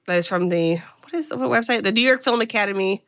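A woman's voice: medium pitch, quick pace, fairly bright tone. A woman co-hosting a podcast in casual chat, retelling a film's plot in a chatty way, swearing casually and quoting characters with small voice shifts. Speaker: podcast co-host.

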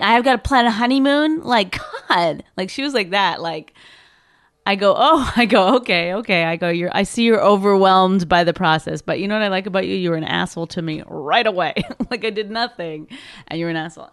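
A woman with a fairly low voice, recorded in clean studio sound with no room noise. She's a stand-up comedian chattily telling a story, animated, full of "like" and "I go," acting out what people said.

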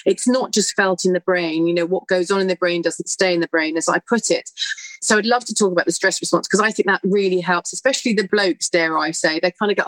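Lively British woman telling anecdotes. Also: lowish voice, dry recording, rough recording. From United Kingdom. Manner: animated, quick, acts out voices in anecdotes. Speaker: guest author. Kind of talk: conversational storytelling.

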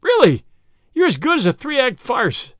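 A man doing a daring master thief for an audiobook, swinging from a hushed, solemn priestly hush to loud, jeering triumph. The voice leaps up and down in pitch and stays close and dry. He sneers at his victim with open relish. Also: big pitch swings, normal speed, no echo. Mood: mocking. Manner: mocking and triumphant. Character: bold male master thief posing as priest. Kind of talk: audiobook reading of a classic story.

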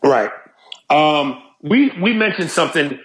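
A man's voice: a little high, very animated, a little slow, a bit bright, echoey room. A man co-hosting a podcast in casual, profane, rambling chat. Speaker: podcast co-host.

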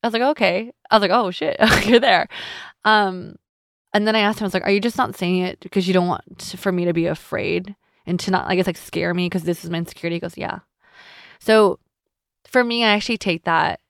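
Young woman host, candid, slightly emotional, lowish smooth voice, restarts sentences, dry close sound. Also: fast talker, no echo. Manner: candid and tender, with frequent restarts. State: a little emotional. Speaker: podcast host. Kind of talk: personal reflective podcast talk.

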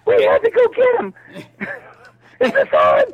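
A man putting on a shrill, squawking, self-pitying stand-up comic who needles the audience. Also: huge pitch swings, measured pace, vocal fry, highs cut off, exaggerated voice. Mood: desperate cackling.

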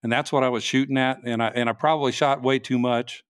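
A man, a state trooper, telling his story in a casual interview, halting and restarting sentences as he goes. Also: medium pitch, steady tone, clean tone, dry recording, clean studio sound.

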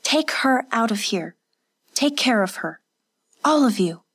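A woman's voice: fairly high pitch, expressive, a little slow, fairly bright tone, breathy edge, pitched above the performer's own voice, full character voice. A woman voicing a commanding yet compassionate noblewoman, urgent and raised. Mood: firm, gentle.

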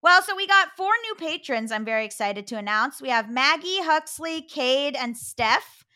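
An American woman hosting a podcast, chatting excitably and laughing often. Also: sits high, moderate pace. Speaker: podcast host. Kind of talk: casual podcast chat.

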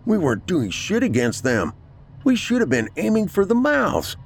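A man's voice: sits low, expressive, normal speed, a little hiss or hum. A man reading aloud and voicing a brash, confident male army captain who speaks brusquely.

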